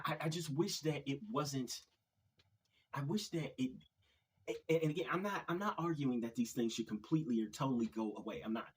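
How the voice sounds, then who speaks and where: A man's voice: on the high side, breathy edge, rough recording. A man hosting his own video channel, giving an opinion monologue in a hesitant way, often repeating words and sighing. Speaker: video commentary host.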